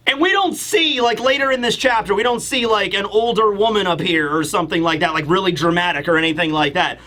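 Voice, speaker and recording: Male YouTube manga reviewer, high and bright, animated and rambling. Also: brisk, hardly any pauses. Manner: animated, rambling, talks straight to viewers. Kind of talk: casual video review commentary.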